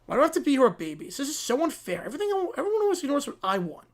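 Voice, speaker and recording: A synthetic voice playing a jealous, spoiled little girl who whines and shouts her complaints. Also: very animated, very fast, full character voice. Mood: sulky. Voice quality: high, whining and petulant. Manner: sulky complaining, outbursts of shouting.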